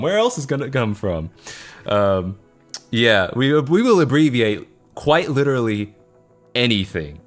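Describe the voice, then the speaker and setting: A man's voice: medium pitch, very animated, measured pace, faint music behind. A young Australian man with an Australian accent, chatting casually on a live stream, self-mocking and laughing often as he answers chat.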